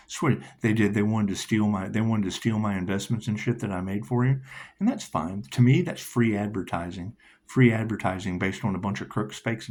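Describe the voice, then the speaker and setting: A man giving a casual tarot reading, rambling and profane, laughing often. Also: darkish tone. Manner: rambling, profane, laughs often, reads card text in a lilting high voice. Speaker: tarot reader.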